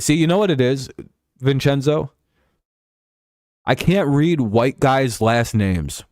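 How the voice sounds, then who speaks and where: A man's voice: medium pitch, darkish tone, no room sound, studio quality. A young man hosting a live stream, chatting casually about football in a rambling, profane way and reading out chat messages.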